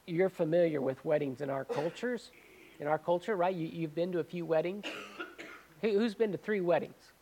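A man's voice: a little high, moderate pace, mellow, a little hiss or hum. A man preaching as a pastor, conversational and asking his congregation questions. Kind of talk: sermon.

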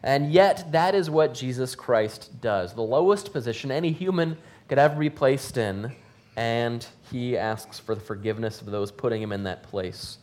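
A man's voice: mid-range voice, moderate pace, darkish tone. A man giving conversational Bible teaching, asking his listeners questions and thinking aloud with fillers.

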